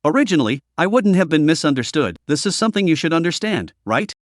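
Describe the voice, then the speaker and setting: A man's voice: on the high side, very animated, fast talker, dry recording, clean studio sound. A man voicing a blunt, cool-headed young woman who questions others sharply. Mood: cold.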